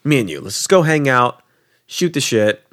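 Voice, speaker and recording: A man's voice: normal speed, no echo, studio quality. A young man co-hosting a podcast, telling a travel story casually and acting out the people in it with sudden jumps in his voice. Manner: animated, acts out quoted people with jumps in pitch; swears casually, fillers like "like". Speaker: podcast co-host.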